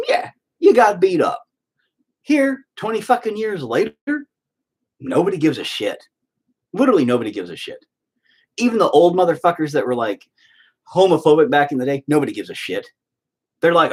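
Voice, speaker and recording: Husky, profane man ranting. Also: a little high, a little fast. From Oklahoma. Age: 40s. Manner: profane, heated, animated storytelling. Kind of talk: casual rant.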